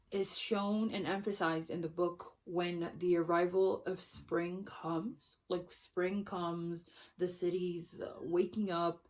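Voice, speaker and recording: A woman's voice: fairly low pitch, darkish tone. A woman book vlogger talking through her thoughts on a novel, thoughtful and searching for words, often restarting her sentences. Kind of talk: casual book discussion.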